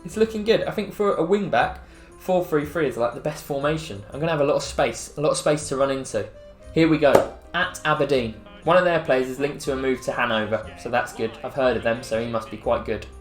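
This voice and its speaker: An English man talks through a football video game in a chatty, self-mocking way, quick to get excited. His mid-pitched voice rings in an echoey room. Faint music plays under him. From England. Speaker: gaming YouTuber. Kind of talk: casual gameplay commentary.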